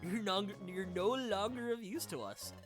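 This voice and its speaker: A woman's voice: medium pitch, lively intonation, normal speed, soft background music, close to an everyday voice. A woman voicing a smug, gloating male monster villain from a game, mocking the heroes. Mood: smug taunting.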